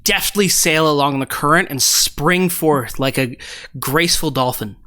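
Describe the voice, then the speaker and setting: A man narrating a tabletop game as its game master, painting each blow in vivid detail. His voice is bright and clear. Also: a little high, a little slow.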